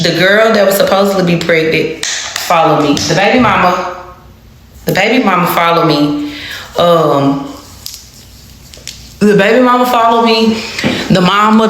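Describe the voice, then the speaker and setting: A woman's voice: lowish voice, noisy background. Cursing woman telling a storytime. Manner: animated, heavily profane, repeats phrases for emphasis. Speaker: storytime vlogger. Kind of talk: casual storytime. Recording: very echoey room.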